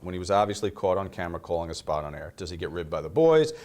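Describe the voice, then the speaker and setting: A man's voice: low voice, very animated, quick pace, darkish tone. A man hosting a shoot interview, reading fan questions aloud in a brash, profane, mock-dramatic way.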